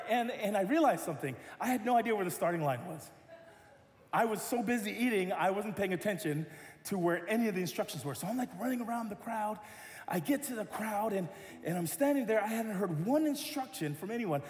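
A man pastor telling an animated story in a sermon, acting out the voices of the people in it. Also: high voice, fast. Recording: echoey hall with music.

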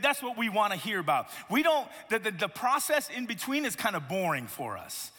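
A man preaching a sermon as a pastor, telling animated stories with playful asides. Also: sits high, moderate pace, few pauses. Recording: echoey hall reverb.

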